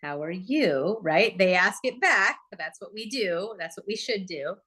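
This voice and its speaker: A woman coaching a room of listeners in a chatty, lively way, with a pitch that sits in the middle. She often stops to ask the audience questions. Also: moderate pace, breathy edge. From Oregon, USA. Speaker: real estate trainer. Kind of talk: live training talk.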